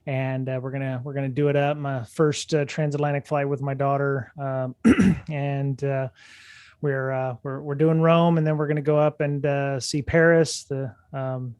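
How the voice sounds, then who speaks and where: A man's voice: medium pitch, little pitch movement, normal speed, a little mellow, clean tone, no room sound, studio quality. A man co-hosting a security podcast in casual chat, rambling with many fillers and restarts, speaking from a hotel room. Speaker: podcast co-host.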